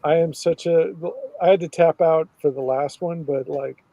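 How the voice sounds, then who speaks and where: A man chatting casually about movies, relaxed and agreeable. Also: fairly high pitch, normal speed, creaky, dry recording, rough recording.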